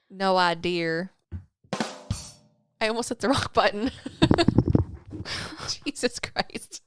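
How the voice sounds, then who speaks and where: A woman's voice: mid-range voice, extremely slow, pauses often, very noisy. A woman co-hosting a podcast, chatting casually, laughing often and trailing off as she reads listener stories and reviews. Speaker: podcast co-host.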